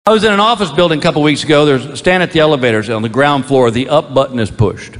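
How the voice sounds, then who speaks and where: A man's voice: fairly high pitch, fast talker, fairly bright tone, big-room sound. A man delivering folksy stand-up anecdotes with dry punchlines. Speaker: stand-up comedian.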